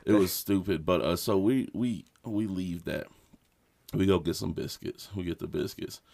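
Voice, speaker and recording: A man with a deep, gravelly voice co-hosts a podcast, telling a rambling story at normal speed during casual chat. He's animated, swears a lot, and laughs often as he goes.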